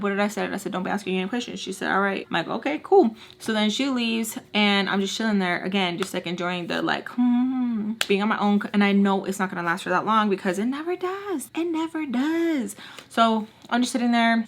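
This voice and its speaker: Young woman, storytime vlogger, conversational and filler-heavy, mid-range pitch. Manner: chatty, filler-heavy, acts out quoted lines. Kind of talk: casual storytime vlog.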